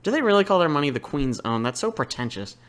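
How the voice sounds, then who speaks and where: A man's voice: a little high, sing-song, fast, fairly bright tone. A man giving casual, sarcastic commentary over a game, rambling and swearing freely. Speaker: let's play host.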